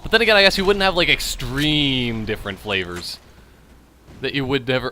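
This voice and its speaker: A gaming channel host rambles and jokes about beer as he plays and drinks, his commentary casual, self-mocking and full of trailing restarts. His voice is medium-pitched and sharp at a normal speed, with a little hiss or hum in the background.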